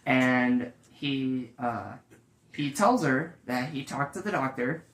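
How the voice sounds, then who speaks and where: Man storyteller, slow and halting, lots of fillers, echoey room. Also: medium pitch, fairly bright tone. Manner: hesitant, many fillers. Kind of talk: improvised comic storytelling.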